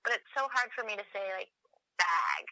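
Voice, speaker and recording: A woman's voice: a little high, very fast, pushed and bright, no room sound, poor audio. A young woman from Canada chatting casually as a podcast guest, self-deprecating and full of fillers. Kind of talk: casual chat.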